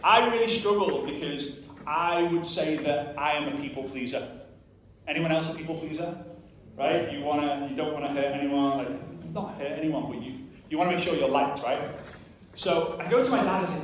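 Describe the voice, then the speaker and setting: A man with a fairly high voice delivers a live motivational talk, direct and punchy, firing questions at the crowd. He is picked up from a distance in a very echoey hall, with a faint hum of the room behind him. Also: normal speed. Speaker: motivational speaker at a network marketing event. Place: large hall with a live audience. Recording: very echoey hall recorded from far off.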